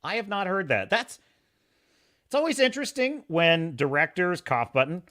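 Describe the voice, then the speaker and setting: Animated sarcastic man hosting a live stream. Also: sits high, moderate pace. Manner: animated, sarcastic, reads chat aloud. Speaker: podcast host.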